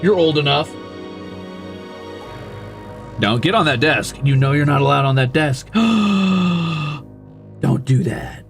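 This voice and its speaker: A man's voice: medium pitch, unhurried, creaky, pauses often, faint music behind. A male live streamer in casual chat, teasing and swearing freely as he coos at and scolds his cat.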